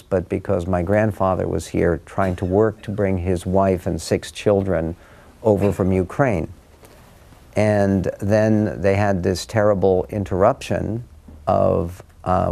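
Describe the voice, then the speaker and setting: A man's voice: low-pitched, creaky, a little mellow. An older man speaking as an author to a room of listeners, telling family stories in a rambling, wry, conversational way with frequent ums and restarts. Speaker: author giving a book talk. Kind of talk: conversational storytelling talk to an audience. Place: room with a live audience.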